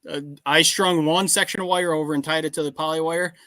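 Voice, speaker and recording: A man's voice: a little high, fairly even intonation, brisk, bright, forceful tone, no echo. A man in his thirties, a farmer, talking casually and plainly on a podcast.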